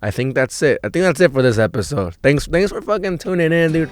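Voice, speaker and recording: A young man hosting a podcast and telling a story in a rambling, profane, excitable way, full of filler words. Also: fairly high pitch, a little fast, faint music behind. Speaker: podcast host.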